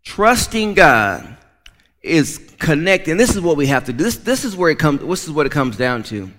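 A man's voice: fairly high pitch, sing-song, normal speed, fairly bright tone. A man preaching a sermon as pastor, emphatic, often repeating and restarting words. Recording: long reverb of a large hall.

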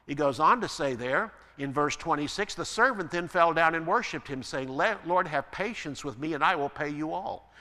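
Bright-voiced man preaching in a hall. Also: sits high. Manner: preaching with rising emphasis, then dropping to a quiet aside. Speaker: pastor. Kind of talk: sermon. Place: church.

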